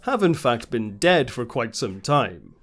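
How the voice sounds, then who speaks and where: A man narrating a scripted TV retrospective in a measured, informative way. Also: mid-range voice, big pitch swings, a bit bright. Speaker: video essay narrator.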